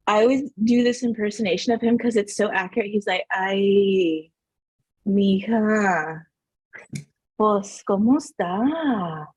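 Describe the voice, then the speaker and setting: Husky, animated woman telling stories. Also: medium pitch, no echo. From Southern New Mexico. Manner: animated, laughing, many "like" fillers. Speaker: podcast guest. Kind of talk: casual storytelling interview.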